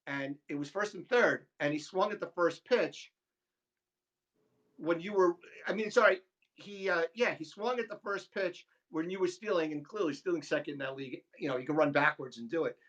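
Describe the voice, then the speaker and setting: A man co-hosting a casual sports podcast, telling animated stories and mimicking the people in them. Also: fairly high pitch, moderate pace, highs cut off. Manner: animated storyteller, mimics voices. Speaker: podcast co-host.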